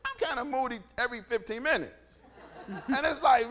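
High, bright, animated male preacher. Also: a little fast. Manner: animated, swings from quiet asides to shouting, acts out dialogue. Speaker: pastor. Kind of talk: sermon.

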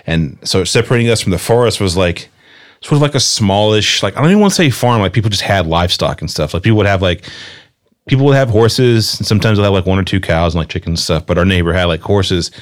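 Casting: young guy, lowish voice, animated storyteller, laughs a lot, podcast host. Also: fast. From rural North Carolina. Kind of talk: casual chat.

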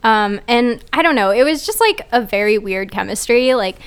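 A woman's voice: on the high side, animated, normal speed, smooth. Chatty woman, rambling storyteller. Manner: rambling storytelling, heavy use of "like". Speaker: podcast co-host. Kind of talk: casual chat.

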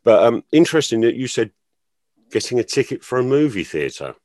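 A man hosting a podcast, measured and wry, laughing easily. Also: medium pitch, big pitch swings, darkish tone, no echo, studio quality. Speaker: podcast host. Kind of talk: casual podcast chat.

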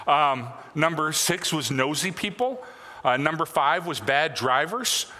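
Pastor, man in his forties: higher-set bright voice, halting delivery with many fillers and restarts, reverberant church hall. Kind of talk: sermon. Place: church sanctuary.

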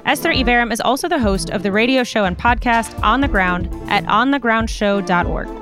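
A woman co-host reading show announcements and introducing the panel in a measured, announcer-like way. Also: a little high, lively intonation. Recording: music playing behind the voice. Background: music.

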